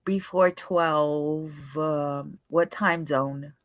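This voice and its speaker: A woman's voice: low-pitched, fairly even intonation, no echo. A tired young woman, hosting a casual livestream chat and greeting viewers by name. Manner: greets chatters by name, chatty and unhurried. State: tired, yawning. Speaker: livestream host.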